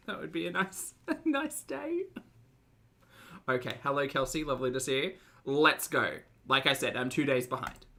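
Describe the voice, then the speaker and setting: Man, bright clear voice, sarcastic reaction host, chatty, laughs a lot. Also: mid-range voice, animated, normal speed. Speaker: commentary channel host. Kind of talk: casual reaction commentary.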